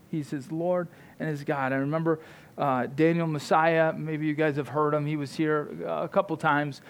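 A man preaching a sermon, fervent and emphatic, often repeating words and tagging his points with "right?". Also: fairly high pitch. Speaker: pastor.

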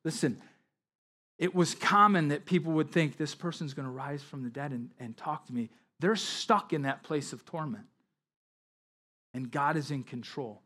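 A man's voice: a little high, normal speed, sharp tone. A man preaching a sermon, reading scripture aloud and explaining it with emphatic asides. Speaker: pastor.

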